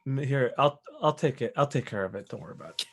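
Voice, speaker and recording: Male game master, gravelly voice, loose rambling delivery. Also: mid-range voice, lively intonation, quick pace, a little hiss or hum. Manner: rambling, joking. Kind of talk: casual chat and story recap.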